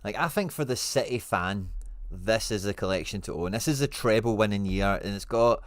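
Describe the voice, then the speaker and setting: Scottish guy chatting on a livestream, lowish voice, dry close sound, reads comments and banters with the viewers. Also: normal speed, no echo. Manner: informal slang, friendly teasing. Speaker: livestream host. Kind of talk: casual livestream chat.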